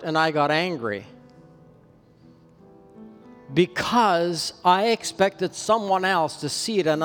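A Canadian pastor preaches to his church, earnest and personal, lifting his voice to drive points home. His rather high voice rings out with a long hall reverb, and soft instrumental music plays faintly behind him. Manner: storytelling, personal and earnest, voice rising in emphasis. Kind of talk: sermon.

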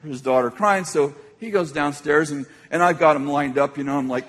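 A man's voice: on the high side, normal speed, a bit bright, big-room sound. An older man preaching a sermon as a pastor, speaking in a conversational, storytelling way with frequent restarts.

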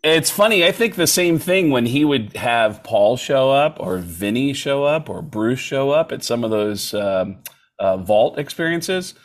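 A man's voice: mid-range voice, measured pace. A man, a comedian guest, telling a story in casual chat and acting out quotes in other voices. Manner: animated, acts out quotes in shifting voices.

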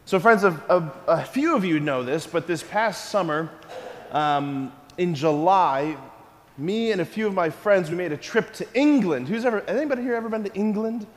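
Animated priest with a high voice. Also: male voice, moderate pace. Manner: animated and playful, full of rhetorical questions. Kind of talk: sermon-style talk to a live audience. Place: hall with a live audience. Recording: long reverb of a hall.

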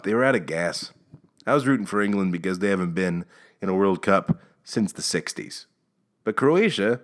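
Lively, low-voiced man rambling jokingly. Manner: jokey, self-mocking, rambling. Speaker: podcast host. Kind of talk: rambling solo podcast monologue.

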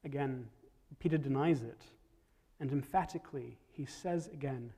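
A man preaching a storytelling sermon, reflective, dropping to soft tones at key moments. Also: medium pitch, moderate pace, slightly rough, big-room sound.

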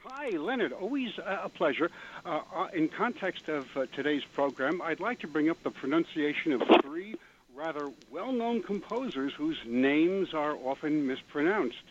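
A man's voice: on the high side, expressive, moderate pace, slight background noise. A man calling into a radio show, precise but hesitant with fillers. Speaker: caller. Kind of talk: phone-in call. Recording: dull phone line with clicks.

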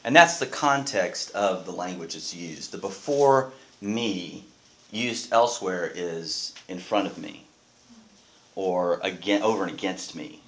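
A man's voice: low-pitched, a little slow, a bit bright. A man, a pastor, teaching a Bible class in a conversational way and often asking the group questions.

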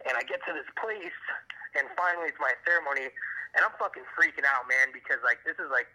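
A man's voice: mid-range voice, fast, pushed and bright. A man on a phone call with his brother, telling a long story in a rambling, profane, casual way full of fillers. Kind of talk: casual chat.

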